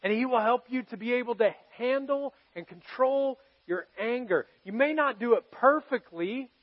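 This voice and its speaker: A man preaching a heartfelt sermon in a noticeably high voice, confessing his own struggles to the congregation. He moves between ringing emphasis and near-whispered moments. The recording sounds dull and muffled. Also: moderate pace, breathy edge. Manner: earnest, confessional storytelling to a congregation, swinging from loud to hushed. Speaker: pastor.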